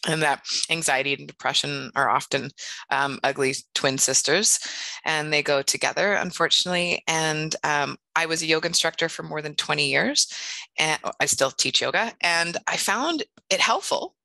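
Candid, animated woman teacher presenting. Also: low voice, normal speed, vocal fry, no echo. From Canada. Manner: candid, animated, self-deprecating. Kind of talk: casual conference talk.

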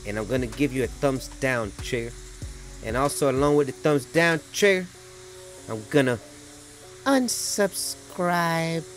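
A man's voice: mid-range voice, normal speed, soft background music, pitched above the performer's own voice, natural voice. A man voicing an irate male viewer who heckles a painter with swearing and mock outrage. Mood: grumbling.

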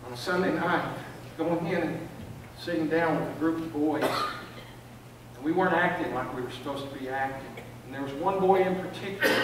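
Heard from far off in an echoey church sanctuary, an older man preaches as pastor in a slightly high voice over some background noise. His sermon leans on storytelling and frequent repetition of words to drive his point home.

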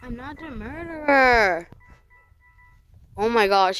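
A woman narrating her online game as she plays, excitable and easily frightened, giving running commentary. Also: mid-range voice, takes it slowly, long pauses, background noise. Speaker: gaming channel host. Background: dogs barking sometimes.

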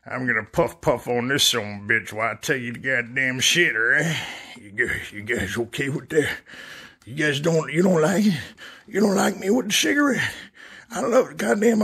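A man's voice: mid-range voice, gravelly, bright, forceful tone, slightly rough, heavily acted. A man voicing a foul-mouthed, cocky male ventriloquist dummy in a comedy puppet sketch, brash and boastful.

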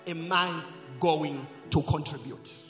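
A man preaching a sermon as pastor, leading call-and-response and swinging between loud shouts and quiet asides. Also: on the high side, fairly even intonation, slow pace, faint music behind. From Zambia. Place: church hall. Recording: echoey church hall.

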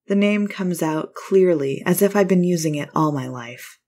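A woman reading a first-person short story aloud in a measured, wry manner. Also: low voice. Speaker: narrator. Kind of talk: scripted story narration.

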